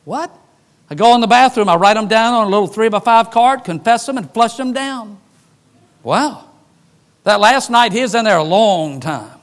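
High-voiced man preaching a folksy sermon. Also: expressive, normal speed. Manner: folksy, joking asides, shifts between loud emphasis and hushed lines. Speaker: pastor.

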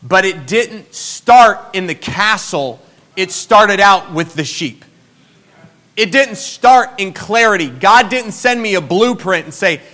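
A pastor in his forties with a high, bright and forceful voice, preaching in a storytelling way. He drops to near-murmurs and then rises to emphatic bursts. His delivery is personal and conversational. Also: expressive, slow. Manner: storytelling, emphatic, swings between soft and loud. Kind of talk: sermon.

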